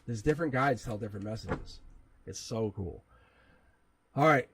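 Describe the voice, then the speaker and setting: Husky-voiced man giving a casual tarot reading. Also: medium pitch, normal speed, fairly bright tone, low-quality recording. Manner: rambling, chuckles often, swears casually. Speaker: tarot reader, livestream host.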